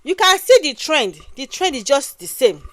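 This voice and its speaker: A woman with a Nigerian accent talks in a high voice, emphatic and repetitive, often tagging her lines with "oh". The sound is dry and close, with no room around it. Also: big pitch swings, moderate pace, no room sound. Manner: emphatic, repeats phrases and ends with "oh". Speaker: commentator. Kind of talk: casual commentary.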